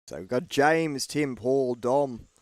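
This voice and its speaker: A man's voice: medium pitch, slow pace, dry recording. Man calling race laps, dry close sound. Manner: steady, informative calling of laps and gaps. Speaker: race commentator. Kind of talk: play-by-play race commentary.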